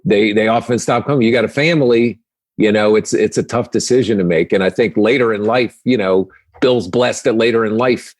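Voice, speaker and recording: A man's voice: on the low side, a little fast, a little mellow, dry recording. A man who is a comedian guest on a podcast, talking in a reflective, rambling way, full of "you know"s. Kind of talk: casual chat.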